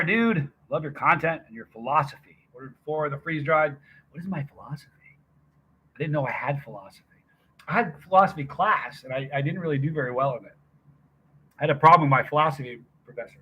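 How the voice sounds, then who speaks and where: A man's voice: a little high, pushed and bright, slightly rough. A middle-aged man hosting a livestream, chatting casually with viewers and rambling through a story. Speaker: livestream host. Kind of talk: casual chat with live viewers.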